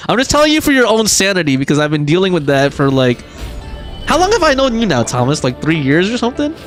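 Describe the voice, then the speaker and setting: A man's voice: sits high, big pitch swings, quick pace, soft background music. A man streaming a game, chatting casually and reading viewer messages aloud, with frequent laughs and fillers. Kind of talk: casual gaming livestream chat.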